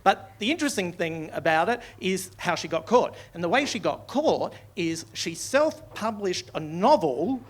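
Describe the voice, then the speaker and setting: Doing live stand-up at a comedy club as the audience laughs, an Australian-accented man delivers sardonic, sweary material that turns mock-outraged. His voice sits high and is very animated, moving at a moderate pace with few pauses.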